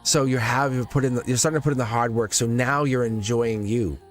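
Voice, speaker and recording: A man's voice: medium pitch, fairly even intonation, fairly quick, soft background music. Chuckling man reading tarot live. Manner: rambling, repeats phrases, chuckles often. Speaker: tarot reader livestream host. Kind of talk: live tarot reading, casual spiritual talk.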